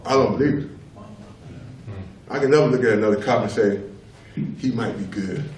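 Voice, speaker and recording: A middle-aged father gives spoken testimony at a public tribunal in a hearing room, his voice lowish, a little mellow, and at normal speed. He talks emphatically and repeats himself to press each point, often asking "you know what I'm saying". The roomy hall, distant mic, and faint noise are audible.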